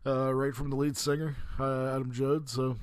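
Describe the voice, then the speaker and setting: A man's voice: mid-range voice, little pitch movement, moderate pace, clear, resonant tone, no room sound. Male host, easygoing and rambling, dry and close. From western Pennsylvania. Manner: rambling, many "uh" fillers, calls listeners "cats". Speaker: podcast host. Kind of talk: casual chat.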